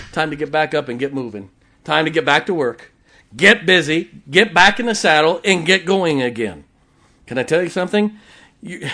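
Emphatic male pastor preaching. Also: a little high. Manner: preaching with sudden loud emphasis and quiet asides. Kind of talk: sermon. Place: church sanctuary.

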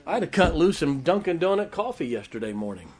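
A man's voice: fairly high pitch, big pitch swings, brisk, noisy background. An older man preaching a sermon, telling folksy stories and laughing as he goes. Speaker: pastor.

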